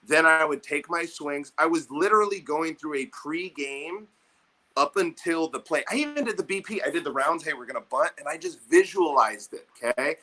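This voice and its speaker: Bright, fired-up man telling a story. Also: on the high side, moderate pace. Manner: animated storytelling, swears often. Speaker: podcast host. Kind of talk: casual chat.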